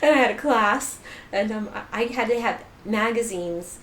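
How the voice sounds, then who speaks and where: Animated middle-aged woman, echoey room. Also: fairly high pitch, normal speed. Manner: animated, laughs often, acts out quoted dialogue. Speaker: guest. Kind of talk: personal storytelling. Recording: echoey room with faint noise.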